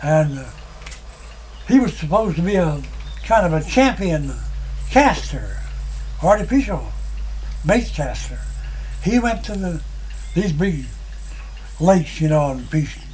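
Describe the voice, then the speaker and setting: Older man, high-pitched storyteller, country dialect, chuckly oral-history yarn. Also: very animated, takes it slowly, pauses often, a little mellow, a little hiss or hum, rough recording. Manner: folksy rambling yarn-spinning with chuckles.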